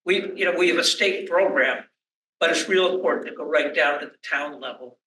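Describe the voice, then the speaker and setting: Bright-voiced man on a panel, echoey. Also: on the high side, slight background noise. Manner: halting, many restarts. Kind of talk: panel discussion. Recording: echoey room from a distance.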